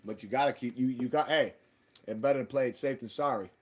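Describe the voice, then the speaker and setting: A man hosting a live stream, ranting in casual, profane talk and jumping loud and high when he quotes people. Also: fairly quick, breathy edge. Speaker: livestream host.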